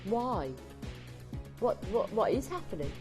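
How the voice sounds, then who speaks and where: A woman presenting on a live TV shopping channel, excitable and gushing as she urges viewers to buy. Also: medium pitch, slow pace, over music. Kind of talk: live TV shopping sales patter.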